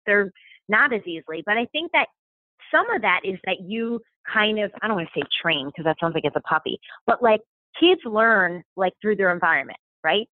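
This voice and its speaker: A woman's voice: mid-range voice, animated, brisk, no room sound. A chatty woman rambles through a casual conversation, full of fillers and restarts. Her voice comes over a thin, phone-like line, and the sound is dry, with no room around it. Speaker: podcast guest, stay-at-home mom. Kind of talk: casual chat.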